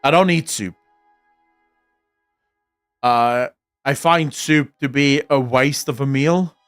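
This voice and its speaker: A man's voice: mid-range voice, takes it slowly, fairly bright tone, clean tone, dry recording, studio quality, soft background music. A young man chatting casually on his stream, rambling and swearing freely. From South Africa. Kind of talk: casual chat reacting on stream.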